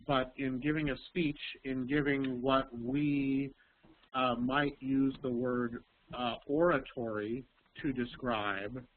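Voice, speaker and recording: Brief: male English teacher on a video call, measured, full of ums, thin phone-like sound with light hiss. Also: mid-range voice. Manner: slow, explaining, many ums. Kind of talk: online language lesson. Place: Texas. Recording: tinny call audio, faint hiss.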